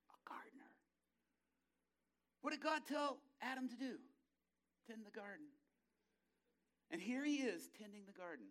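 A male pastor preaching a lively sermon, acting out scenes in voices and ending in a hushed prayer. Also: very high-pitched.

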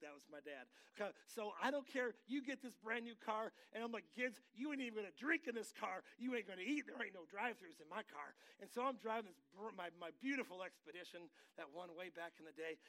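Male pastor, high-pitched, middle-aged, folksy sermon, wanders into tangents, excited bursts.

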